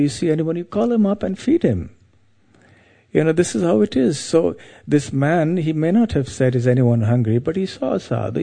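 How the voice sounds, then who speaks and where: A man's voice: fairly high pitch, vocal fry, mellow, slightly rough. A man giving a devotional talk, telling a story in a meandering, anecdotal way with frequent asides.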